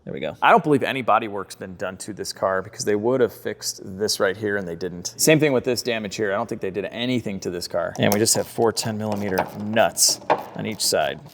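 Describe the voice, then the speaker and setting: A young man filming a casual vlog in his garage workshop, chatting excitedly and joking while he works on a car with his tools. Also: lowish voice, a little fast. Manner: chatty, excitable, jokey asides while working. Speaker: car restoration YouTuber.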